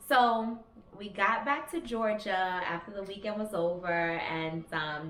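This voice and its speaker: A woman's voice: mid-range voice, a bit bright, slight background noise. A woman in her thirties telling a personal story in a candid, chatty way, swearing freely. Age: 30s. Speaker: vlogger. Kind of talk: casual storytelling. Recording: roomy echo with faint ambience.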